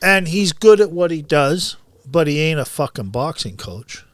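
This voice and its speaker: A man's voice: a little high, sing-song, normal speed, dry recording. A man who coaches boxing, talking bluntly and with lots of swearing in a casual podcast chat, often heated.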